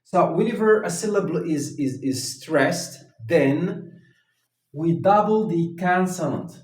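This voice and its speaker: A man teaching an English grammar lesson at a whiteboard, talking slowly and haltingly, with many fillers and restarts. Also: fairly high pitch, animated, distant mic. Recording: echoey room, voice from off the mic.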